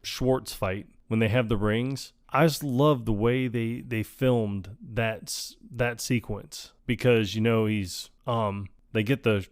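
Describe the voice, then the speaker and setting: A man's voice: lowish voice, steady tone, slow pace, few pauses, smooth, no echo, studio quality. A man co-hosting a podcast, chatting casually about a film and laughing often as he retells scenes. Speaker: podcast co-host.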